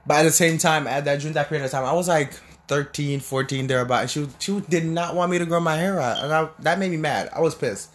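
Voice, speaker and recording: A man's voice: on the high side, fast. A young man from Jamaica in casual, rambling storytelling, full of restarts and fillers. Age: young adult.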